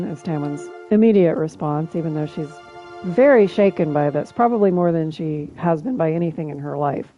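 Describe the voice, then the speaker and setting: A woman's voice: low-pitched, moderate pace, dark tone, muffled recording, soft background music. A woman streaming and narrating a video game story for friends in a casual, chatty way.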